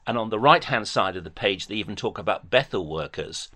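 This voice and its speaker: A man's voice: on the low side, expressive, brisk, bright, forceful tone. A man on a phone debate, talking formally and precisely, citing dates and page numbers carefully. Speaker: caller.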